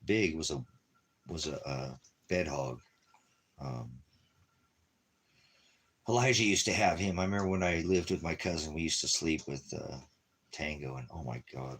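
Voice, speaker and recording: A man's voice: rumbling low, lively intonation, normal speed, long pauses, a bit bright, slightly rough. A man rambling in a casual monologue, talking affectionately to his dog and musing about money and leaving town. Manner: rambling, talks baby-talk to his dog in bursts. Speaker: ministry vlogger.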